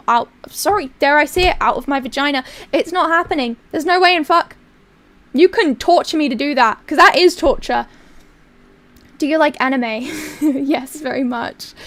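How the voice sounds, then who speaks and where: A woman's voice: high voice, a bit bright. A young woman streamer with a put-on British accent, chatting casually, crude and rambling as she reads viewer messages. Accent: put-on basic British accent.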